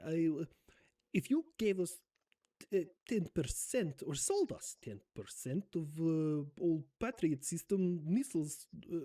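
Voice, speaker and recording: A man putting on an impression of a male head of state, halting and full of hesitant fillers. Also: high-pitched, mellow. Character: impression of a male wartime head of state, pleading, heavily accented.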